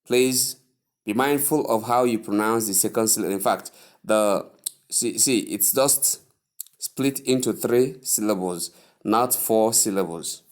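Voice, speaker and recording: A man with a Nigerian English accent teaching word pronunciation, saying each word again and again in a drawn-out way. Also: lowish voice. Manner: slow, repeats each word many times, drawn out. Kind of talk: spoken English pronunciation lesson.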